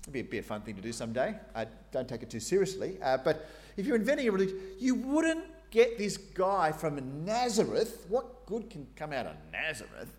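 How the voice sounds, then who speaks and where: A man's voice: fairly high pitch, very animated, a little fast, darkish tone. A man preaching a sermon in a conversational way, acting out the quoted voices with asides. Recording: long hall reverb.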